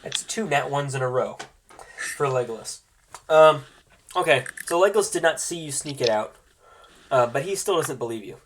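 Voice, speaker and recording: A man narrating as game master of a tabletop role-playing game, pausing often with ums and restarts. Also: mid-range voice, animated. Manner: frequent ums and restarts while describing scenes.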